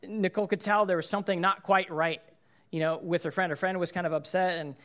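Guy pastor preaching real casual, keeps asking "right?", voice a bit on the high side, acts out people's lines. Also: fairly even intonation, quick pace, fairly bright tone. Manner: casual, checks in with listeners. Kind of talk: conversational sermon.

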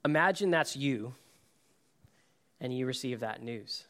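A man giving a sermon as pastor, reading scripture and then speaking earnestly, dropping to soft, quiet phrases and building to emphatic points. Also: mid-range voice, animated, a little slow.

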